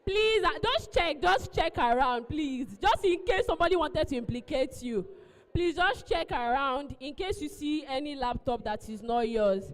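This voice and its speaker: High-voiced woman emceeing in an echoing hall. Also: animated, normal speed. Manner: coaxing, repeats pleas. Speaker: event host. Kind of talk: live event emcee announcements. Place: large event hall. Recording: long hall reverb.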